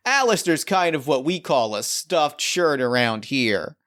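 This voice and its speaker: A man's voice: fairly quick, lightly acted. A man playing a brash punk-rock shop owner. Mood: scheming. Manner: eager, pitching, playing it up.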